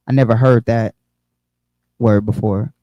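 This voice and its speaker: A man's voice: fairly low pitch, fairly even intonation, a little slow, mellow, dry recording, dull audio. A man teaching an online Bible study, explaining with frequent restarts and repeated words.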